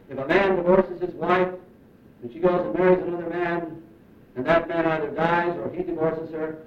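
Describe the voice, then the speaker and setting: A man preaching a sermon in an earnest, emphatic manner, slowing down to stress key phrases. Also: a little high. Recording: roomy, distant, muffled recording.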